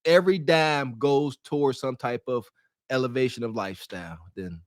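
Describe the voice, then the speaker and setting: A man's voice: mid-range voice, moderate pace, clear, resonant tone, no room sound, studio quality. A man co-hosting a podcast, giving blunt, slangy, preachy commentary. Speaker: podcast co-host.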